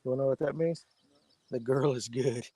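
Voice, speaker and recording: A man's voice: mid-range voice, fairly quick, dark tone, dry recording. A man, trading bawdy jokes in casual banter as a fishing show host. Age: 50s. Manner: joking, bawdy, drawling.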